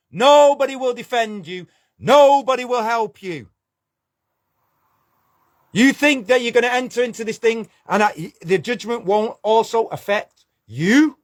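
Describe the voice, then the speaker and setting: A man ranting angrily to camera, swearing and confrontational. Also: high-pitched. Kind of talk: angry video rant.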